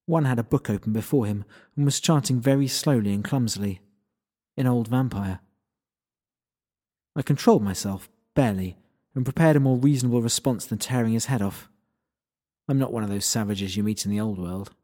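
Male narrator, mid-pitched, dry wry first-person storytelling. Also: fairly quick, dark tone. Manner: wry, dry, laid-back.

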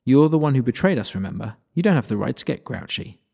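An earnest, anxious teenage schoolgirl , as a male narrator puts her on, with a voice pushed high and a little shrill. She sounds urgent and insistent. It is a storybook figure read aloud. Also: animated, fast, creaky, a little mellow, husky. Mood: firm.

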